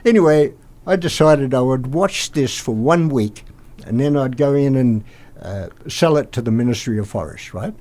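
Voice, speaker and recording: Older aussie bloke rambling through a story, acts out what people said. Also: male voice, mid-range voice, moderate pace. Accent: Australian. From Australia. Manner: rambling, animated retelling with acted-out quotes. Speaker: podcast guest. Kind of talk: anecdotal storytelling.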